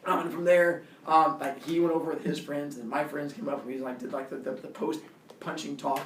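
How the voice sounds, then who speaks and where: A man telling a childhood fight story in an animated way, laughing and acting out the voices. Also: fairly high pitch, brisk, slight background noise. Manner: animated, laughing, acts out quotes. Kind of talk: personal storytelling talk. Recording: roomy, distant camera audio.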